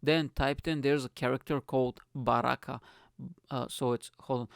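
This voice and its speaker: A young man rants through a casual solo podcast, blunt, profane and rambling from one thought to the next. His voice has a gravelly, fried texture, recorded close and completely dry. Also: mid-range voice, steady tone, moderate pace, no echo. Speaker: podcast host.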